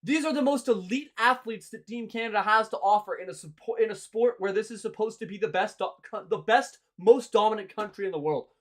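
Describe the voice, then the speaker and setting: A young man with a high voice hosts a hockey show, ranting fairly quickly with few pauses. His tone is exasperated and sarcastic throughout this burst of sports commentary.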